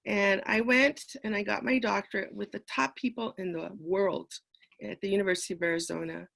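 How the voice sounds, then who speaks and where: An older woman, a retired educator, telling personal stories as a keynote speaker, earnest and pausing often on fillers. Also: mid-range voice, fairly even intonation, gravelly, a bit bright. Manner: earnest storytelling with frequent fillers. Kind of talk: personal conference talk.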